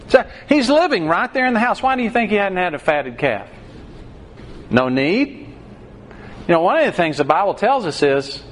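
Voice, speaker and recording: A man preaching a sermon, telling a parable in an animated style. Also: sits high, a little hiss or hum. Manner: animated storytelling, acting out the scripture.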